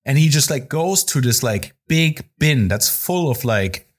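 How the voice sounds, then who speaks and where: A man's voice: medium pitch, animated, measured pace. A man, a chef and podcast co-host, telling a story in casual chat, often laughing and swearing casually.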